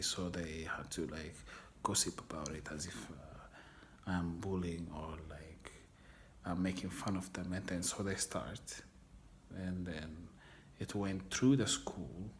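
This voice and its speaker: Frank, rambling man with a lowish voice. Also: slight background noise. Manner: rambling and frank, swears casually; searches for words, halting. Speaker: documentary interviewee. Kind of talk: candid personal storytelling.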